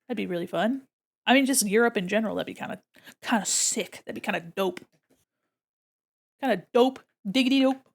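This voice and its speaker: A woman's voice: medium pitch, a little fast, vocal fry, pauses often. A young woman chatting casually to her livestream chat while she draws, giggling often and reading out viewer messages. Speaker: streamer.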